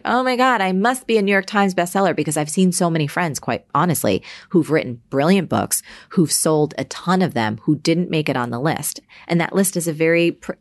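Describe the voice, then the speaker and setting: A woman guest author on a podcast, talking in a casual, emphatic way and telling lively stories. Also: low-pitched, brisk, hardly any pauses, no echo, clean studio sound. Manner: animated storyteller, lively and emphatic.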